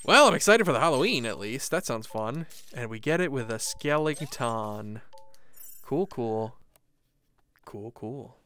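A man giving casual, excitable commentary while playing a VR game at home, swearing casually and laughing often. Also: mid-range voice, unhurried, a little hiss or hum. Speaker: gaming streamer. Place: home room, seated on the floor.

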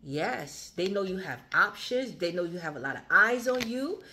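A woman reads tarot cards in a loose, chatty way, circling back to the same phrases and swearing freely. Her voice sits a little low, and a faint hiss runs under the recording. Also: animated, moderate pace, sharp tone. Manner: chatty, repetitive, swears, laughs. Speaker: tarot reader. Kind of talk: casual tarot reading.

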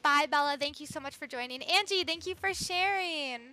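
Young woman, livestream host: high, bright, bubbly, chatty with viewers, faint music behind. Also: moderate pace. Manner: bubbly, greets viewers by name, swings between squeals and low murmurs. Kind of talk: live-stream gaming chat.

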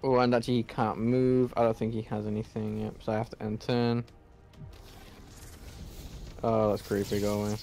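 A man's voice: fairly low pitch, level tone, normal speed, long pauses, a little mellow, a little hiss or hum. A man playing a video game, muttering and swearing at it as he goes. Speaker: gamer. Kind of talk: game commentary.

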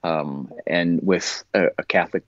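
Thoughtful low-voiced man, dull sound. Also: fairly even intonation, a little slow, dry recording. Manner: thoughtful, earnest, searching for words. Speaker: actor, podcast guest. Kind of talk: casual interview answers.

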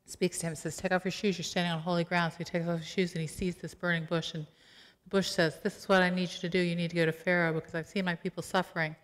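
Woman pastor, low-pitched, conversational and playful sermon delivery, recorded with long sanctuary reverb. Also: fast. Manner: animated, acts out quotes with playful asides. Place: church sanctuary. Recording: long church hall reverb.

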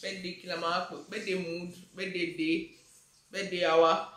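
A woman in her twenties from Nigeria, with a Nigerian accent, chatting excitedly in a home vlog and slipping into Yoruba. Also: on the low side, a little slow, echoey room. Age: 20s. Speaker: vlogger. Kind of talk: casual vlog chat. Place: home kitchen, indoors.

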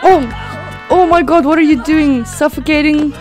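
Excitable high-voiced woman gaming commentator. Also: normal speed. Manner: excitable, gasping and exclaiming at the chaos. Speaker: gaming video creator. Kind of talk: let's play commentary. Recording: faint game music behind.

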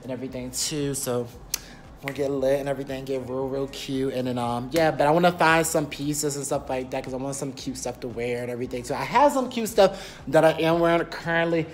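A man's voice: medium pitch, a little fast, slight background noise. A young man vlogging on his phone in a rented apartment, chatty and rambling, with lots of fillers like "period". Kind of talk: casual vlog talk to camera. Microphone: phone camera.

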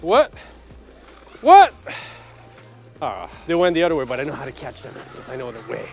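A man's voice: medium pitch, lively intonation, racing, breathy edge. Playful father vlogging on a handheld camera outdoors, voice jumping up and down. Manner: playful and teasing, often laughing. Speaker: father filming a family vlog. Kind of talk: casual vlog chat. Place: outdoors at a forest ice rink in snow.

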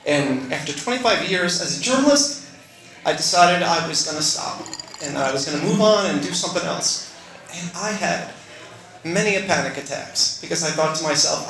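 A man's voice: on the high side, lively intonation, normal speed, fairly bright tone, echoey room, low-quality recording. Earnest middle-aged man telling a story. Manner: earnest, conversational, self-deprecating asides. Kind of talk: live personal storytelling on stage. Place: stage in a live venue.

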